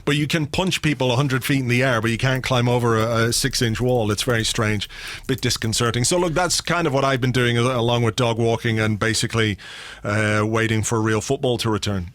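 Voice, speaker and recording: A man's voice: mid-range voice, steady tone, a little fast, a bit bright, no room sound. A man, hosting a casual podcast chat and joking around playfully. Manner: playful, jokey, puts on silly voices. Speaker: podcast host.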